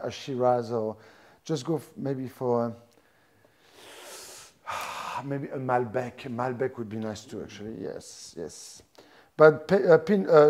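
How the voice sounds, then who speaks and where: A man's voice: medium pitch, darkish tone. A middle-aged man, a chef talking his audience through a live cooking demonstration in a chatty way, often restarting his sentences. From France. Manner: chatty, halting restarts, explains step by step.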